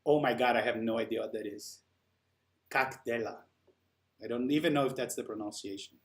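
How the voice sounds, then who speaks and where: A man's voice: mid-range voice, quick pace. A man hosting a live stream, chatting casually and answering viewer comments while he works.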